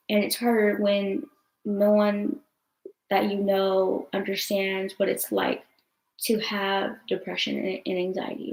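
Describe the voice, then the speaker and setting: A woman's voice: mid-range voice, a little mellow. A young woman venting on a livestream, rambling and swearing a lot with many fillers, upset and tearful. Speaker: vlogger answering live chat. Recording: roomy echo.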